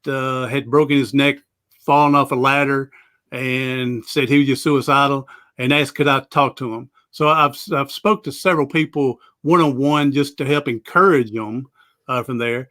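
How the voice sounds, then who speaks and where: A man's voice: fairly high pitch, fairly bright tone. A man, a guest talking in an easygoing, rambling way over a video call. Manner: easygoing, rambling with frequent "uh" and restarts. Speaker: guest, motivational speaker. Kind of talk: casual interview chat.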